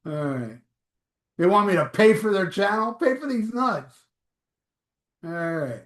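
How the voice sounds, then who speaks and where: A man's voice: sits high, sing-song, measured pace, fairly bright tone, echoey room. A man hosting a live stream, reading viewer comments aloud in a blunt, offhand, profane way. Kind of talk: casual live chat.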